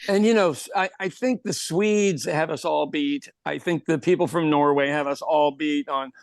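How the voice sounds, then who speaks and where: A man's voice: a little high, normal speed, gravelly, no room sound, clean studio sound. A man from Ireland co-hosting a podcast in casual chat, laughing often and repeating words as he starts. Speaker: podcast co-host.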